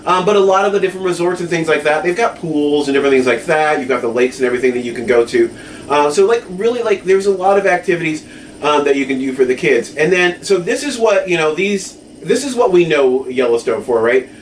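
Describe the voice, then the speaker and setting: A man co-hosting a casual podcast rambles fast in a high-ish, animated voice, packing his speech with fillers and tag questions like "right?". The room is echoey, the mic distant, with faint noise.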